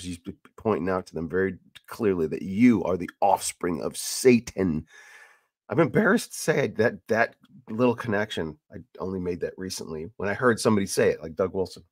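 A man hosting a casual Bible teaching podcast, talking in an animated, rambling way with many restarts and sudden emphatic bursts. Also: deep voice, dry recording, studio quality. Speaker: podcast host.

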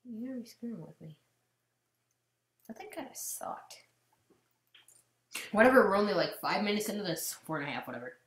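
A woman giving casual gameplay commentary, swinging between loud outbursts and muttered asides. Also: mid-range voice, very animated, moderate pace, long pauses, reverberant. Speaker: gamer commentator.

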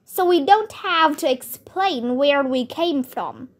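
A woman's voice: high voice, lively intonation, slow pace. A woman voicing a curious, thoughtful young boy in a children's book.

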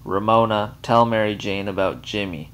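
A man's voice: fairly low pitch, normal speed, a bit bright, lightly acted. A man voicing a jaded, sarcastic woman hostess. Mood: sardonic.

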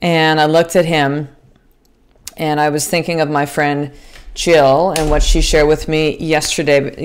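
A woman hosting a podcast in a casual monologue, earnest and motivational, swearing freely and restarting her sentences. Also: low-pitched. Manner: earnest and motivational, addresses listeners as sister. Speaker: podcast host.

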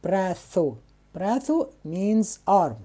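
Slow-spoken woman teaching vocabulary. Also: medium pitch, big pitch swings, dark tone. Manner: repeats each word slowly, asks and answers her own questions. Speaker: Spanish teacher.

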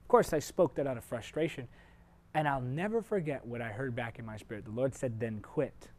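A man preaching a televised sermon, speaking to viewers directly and personally, moving from loud emphatic points to quiet, confiding asides. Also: mid-range voice, fairly quick. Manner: earnest, shifts sharply between loud emphasis and quiet asides.

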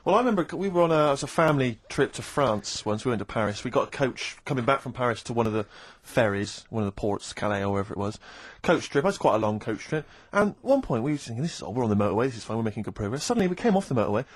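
A man co-hosting a radio show, telling anecdotes in an animated, storytelling way. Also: mid-range voice, quick pace, hardly any pauses. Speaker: radio co-host. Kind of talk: casual radio chat. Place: radio studio.

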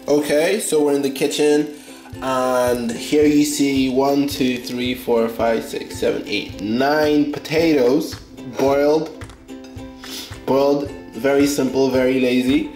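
A man's voice: medium pitch, steady tone, takes it slowly, a little mellow. A man talking casually to camera in a vlog, hesitating often with ums and restarts, and later filming in his kitchen. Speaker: vlogger. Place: home kitchen. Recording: roomy kitchen with guitar music behind.

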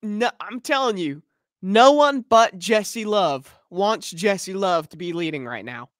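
A man's voice: sits high, lively intonation, takes it slowly, a bit bright, no room sound, studio quality. A man co-hosting a live race-watching stream, chatty and explaining racing tactics. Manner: chatty, analytical about racing.

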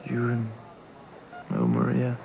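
A gentle loving man, slow gravelly voice, music behind. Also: medium pitch, completely flat delivery, noisy background. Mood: tender. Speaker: actor in a soap opera.

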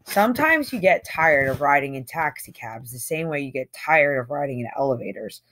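A woman's voice: deep voice, expressive, moderate pace, a bit bright. A woman reading a novel aloud in a conversational, slangy first-person voice with emphatic swings. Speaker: audiobook reader.

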